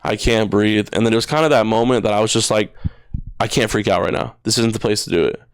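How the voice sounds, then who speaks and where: A man's voice: lowish voice, quick pace, clear, resonant tone, no echo. Young man telling a story, casual and swearing. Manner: casual, swears a lot, says "bro" and "dude". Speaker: podcast guest. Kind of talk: emotional storytelling. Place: podcast studio.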